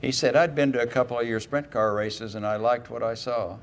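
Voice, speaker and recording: An older man as an interview guest, telling folksy stories and acting out quoted lines in lively voices. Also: mid-range voice, a little fast, a little hiss or hum. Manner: folksy anecdotes, quoting others in lively voices. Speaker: interview guest, retired racing driver. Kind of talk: casual storytelling interview.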